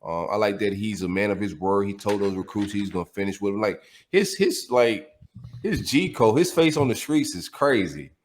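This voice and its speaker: A man's voice: on the low side, animated, moderate pace. A man co-hosting a sports podcast in casual chat, slangy and emphatic, restarting his phrases often. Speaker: podcast co-host.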